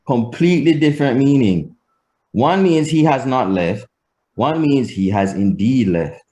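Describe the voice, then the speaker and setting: A man teaching a language lesson, explaining slowly and deliberately, swinging his pitch to demonstrate. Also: sing-song, mellow.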